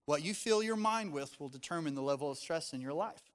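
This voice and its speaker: Male pastor, middle-aged, earnest conversational sermon delivery, slightly higher voice. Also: animated, brisk, in a large hall. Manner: earnest, conversational preaching with scripture readings.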